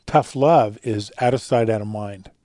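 A man speaking as a guest in a radio interview, telling stories earnestly and dropping quiet for the emotional parts. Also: fairly low pitch, measured pace, no echo. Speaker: guest speaker on fatherhood and faith.

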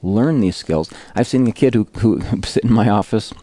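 A man's voice: lowish voice, moderate pace, dark tone, no room sound. A man who is a guest psychologist on a radio interview, explaining eagerly. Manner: enthusiastic, explanatory.

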